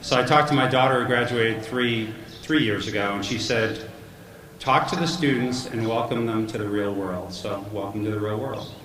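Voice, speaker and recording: A man's voice: mid-range voice, moderate pace. A middle-aged man giving a commencement speech, telling jokey, self-deprecating family stories at a podium mic. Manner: joking storyteller, self-deprecating. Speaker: commencement speaker. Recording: echoey hall with background noise.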